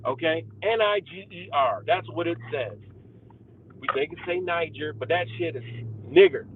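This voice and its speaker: A young man rants on a live stream in a heated, profane, conspiratorial monologue, his voice sitting a little high. The sound is thin and phone-like, with a faint hum of a car behind him. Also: moderate pace. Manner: profane, heated, conspiratorial, addresses viewers as guys. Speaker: livestream host. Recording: tinny phone-like audio with faint car noise.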